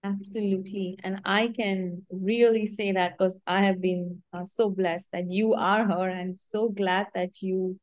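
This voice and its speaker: A woman hosting a podcast, responding in a soft, affirming way. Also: medium pitch, level tone, measured pace, hardly any pauses, dry recording, rough recording. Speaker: podcast host. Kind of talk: casual interview chat.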